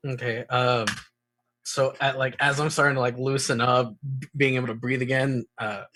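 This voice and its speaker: A man's voice: medium pitch, steady tone, moderate pace, bright, forceful tone, no room sound. A male tabletop player talks casually, with many fillers and laughs. The sound is dry and close. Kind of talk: tabletop game play.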